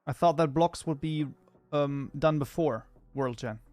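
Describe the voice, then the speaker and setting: A man with a slightly high voice chats with his stream audience, reads messages aloud and mutters through his code. The sound is close and dry, with faint music behind him. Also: a little slow, darkish tone, dry recording. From Germany. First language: German. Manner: chatty, reads chat aloud and mutters while debugging. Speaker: livestreamer and programming tutor. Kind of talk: casual live-stream chat while coding.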